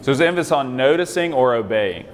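A man's voice: mid-range voice, animated, fast talker, long reverb tail. A man leading a group Bible study, talking conversationally, restarting phrases and often checking in with "right?". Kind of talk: teaching a group discussion.

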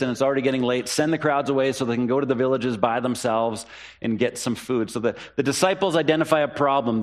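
Male pastor, sermon delivery, earnest, repeats lines, mid-pitched voice. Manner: earnest, repeats key phrases for emphasis; rises in pitch when voicing the disciples' questions.

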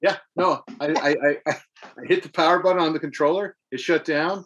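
A man in casual chat, telling animated stories about video games and swearing freely. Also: a little high, fairly quick, muffled recording, slight background noise.

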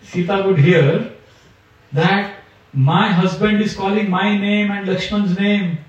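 Male spiritual teacher, animated storytelling, distant mic, dull lo-fi sound. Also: sits high, slow, very echoey. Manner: animated storyteller, acting out characters. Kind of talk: storytelling talk at a retreat.

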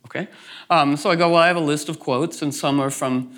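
A man with a somewhat high voice talks to a gathered group in a loose, rambling way. He restarts his sentences and leans on "you know" fillers. He laughs through the funny parts of his stories. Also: fairly even intonation, a little fast, fairly bright tone. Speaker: speaker at a gathering. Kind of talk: casual spoken talk to a group.

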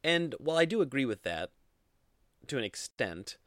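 A man's voice: medium pitch, big pitch swings, moderate pace, a bit bright, no room sound, clean studio sound. A man hosting a casual solo gaming podcast, rambling with lots of fillers and restarts. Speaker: podcast host.

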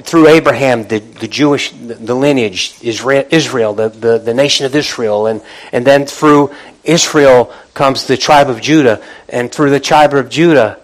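A male pastor preaching a sermon. He often restarts and repeats words, and he calls out to the congregation, rising in pitch and volume when he gets fired up. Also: normal speed, rough recording.

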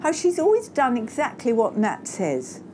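A woman's voice: fairly high pitch, huge pitch swings, normal speed, mellow, a little hiss or hum, voice pushed up. A woman voicing the eldest daughter, distracted and offhand, half listening. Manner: absent, offhand. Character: eldest daughter, vague, detached, absorbed in phone.

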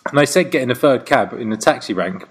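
A young British man co-hosting a podcast tells stories animatedly in casual chat, laughing and swearing. His medium-pitched voice is fast and slightly rough, with lively intonation.

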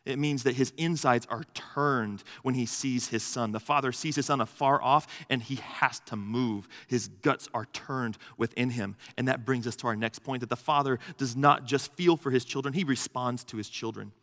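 A man's voice: medium pitch, normal speed, hardly any pauses, a bit bright. Earnest man preaching in a reverberant hall. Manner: earnest, emphatic, builds lists to a peak. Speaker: pastor. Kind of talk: sermon. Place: church hall. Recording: long reverb of a large hall.

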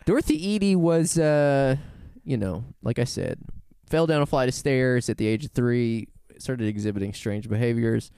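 A man co-hosting a podcast spins a casual, rambling story, animated and quick to laugh, stopping to correct himself as he goes. His mid-range voice is clear and resonant at a normal speed with few pauses, recorded in studio quality without echo.

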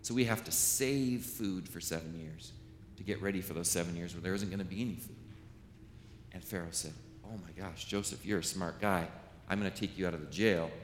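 Pastor guy doing a kids' story, playful and animated, lowish voice, big echoey church. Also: a little hiss or hum. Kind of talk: children's sermon. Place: large church sanctuary. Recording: echoey church with long reverb.

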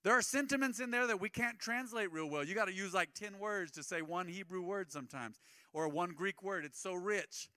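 A man's voice: sits high, a little fast, sharp tone, no echo, studio quality. A man preaching a sermon as pastor, conversational and acting out the people he quotes.

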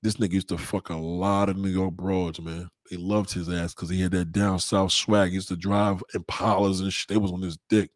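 A young man hosts a casual livestream and talks straight to his viewers. His delivery is rambling and profane, full of street slang and shout-outs. His voice sits fairly low and the sound is dry, with no room around it. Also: level tone, moderate pace, hardly any pauses, dry recording. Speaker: livestream host.

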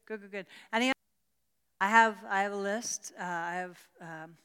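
A woman's voice: mid-range voice, moderate pace, a bit bright, clear, resonant tone, long reverb tail. An older woman from rural Pennsylvania teaching a church Bible study, fervent and repeating her words as she answers questions from the group.

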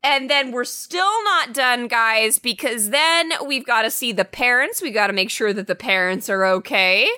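A woman's voice: fairly high pitch, expressive, normal speed, few pauses, pushed and bright. A woman co-hosting a podcast, casually recapping a movie with enthusiasm and the odd swear word. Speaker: podcast co-host.

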